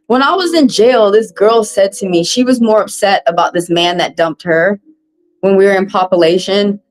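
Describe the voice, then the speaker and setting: Woman, tarot live-stream host, blunt, preachy, swears freely, repeats herself, mid-pitched voice. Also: moderate pace, faint music behind, poor audio. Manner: blunt, preachy and profane, repeating phrases for emphasis. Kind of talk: casual live-stream monologue.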